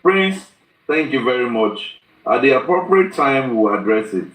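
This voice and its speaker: A man moderating a live group talk, calm and soothing in manner. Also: medium pitch, moderate pace, echoey room, distant mic, noisy background.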